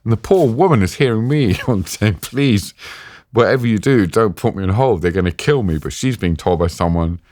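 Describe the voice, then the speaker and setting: A man telling a tense personal story in a casual, animated way, acting out quotes. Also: on the low side, moderate pace, no echo. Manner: animated, acts out quotes with swearing. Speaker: interview guest, former hostage.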